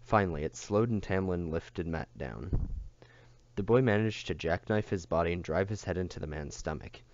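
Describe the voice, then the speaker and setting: A man reading a novel aloud in a steady, unhurried way, on a dull lo-fi recording. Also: low-pitched, slight background noise. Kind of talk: audiobook reading.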